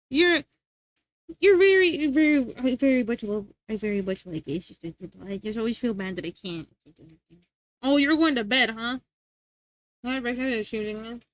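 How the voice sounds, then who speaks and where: High-voiced giggly woman streamer. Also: dry recording. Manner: giggly, animated, chatty. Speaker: live streamer. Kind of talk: casual chat reading live chat. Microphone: streaming mic.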